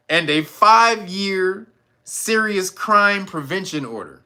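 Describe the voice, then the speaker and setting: A man's voice: sits high, expressive, takes it slowly, bright, forceful tone. A man doing incredulous, sarcastic commentary on a news story, laughing and swearing as he mocks the officials. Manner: mimics officials in sarcastic voices.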